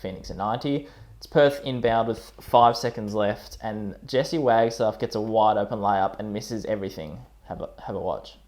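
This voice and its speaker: Lowish-voiced, chatty man. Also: normal speed, a little mellow. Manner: chatty, laughs often, teasing. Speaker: podcast co-host. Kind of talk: casual chat.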